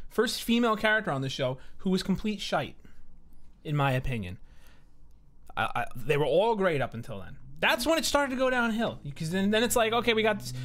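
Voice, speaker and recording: A man's voice: sits high, a bit bright. A man streaming a game, chatting casually in a profane, ranting way. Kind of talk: casual chat while gaming.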